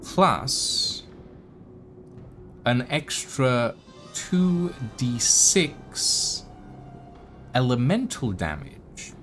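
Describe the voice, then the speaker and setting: A man narrating a tabletop game as game master, relaxed, with frequent fillers. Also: medium pitch, extremely slow, pauses often. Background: background music.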